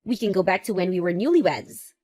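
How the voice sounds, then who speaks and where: A woman's voice: fairly low pitch, expressive, a little fast, warm tone. A woman voicing a cruel, self-centered divorced mother who mocks and taunts in a text-message story. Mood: smug. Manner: mocking, self-satisfied. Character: cruel selfish divorced mother, vain and scornful. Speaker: ex-wife.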